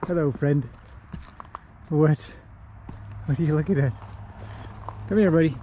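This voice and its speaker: A man's voice: on the high side, unhurried, warm tone, dull audio, slight background noise. A man chatting casually in a vlog while walking outdoors among his horses, greeting them in a lifted, sing-song voice. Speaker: horse trainer and owner. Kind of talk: casual walk-and-talk vlog.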